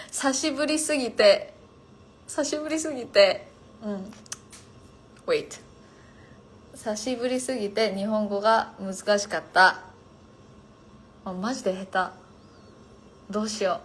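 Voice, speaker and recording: A young woman chatting casually with viewers on a phone livestream, rambling with lots of fillers and often trailing off into a hush. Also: medium pitch. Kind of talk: casual chat.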